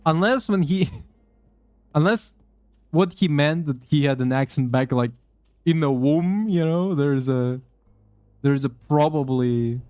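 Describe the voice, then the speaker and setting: With long pauses and a slow pace, a young man chats casually while playing a game, swearing often and using plenty of fillers and restarts. His slightly high voice has a clean, darkish tone with no room sound. Game music plays faintly behind him.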